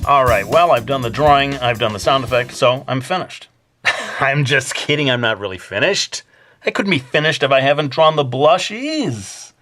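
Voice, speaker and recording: A man's voice: mid-range voice, expressive, moderate pace, sharp tone, faint music behind. A man teaching a drawing lesson in a casual, hesitant way, with many fillers and joking asides. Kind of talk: casual drawing tutorial narration.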